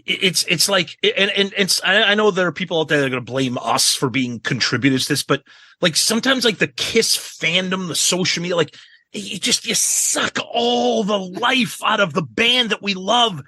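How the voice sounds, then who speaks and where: Brief: bright, husky male co-host, high and lively, exasperated chatter. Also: moderate pace, no room sound. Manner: exasperated, stammering restarts, mocking voices. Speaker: podcast co-host. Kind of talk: casual chat.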